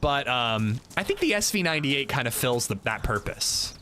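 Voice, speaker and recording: Rambling male game streamer, lively pitch. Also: moderate pace. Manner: rambling, talkative, lots of "like" fillers. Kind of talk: casual livestream gaming commentary. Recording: noisy background hiss.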